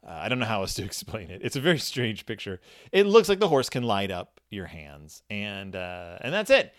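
A man's voice: fairly low pitch, very animated, normal speed. A man casually reviewing a children's book on his own, rambling and wry.

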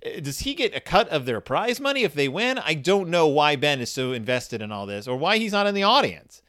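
Guy riffing sarcastically on a kids' book, voice fairly high and bouncing all over, jumps into little character voices. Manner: animated, sarcastic, acts out characters in quick asides. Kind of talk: comedic storytelling recap.

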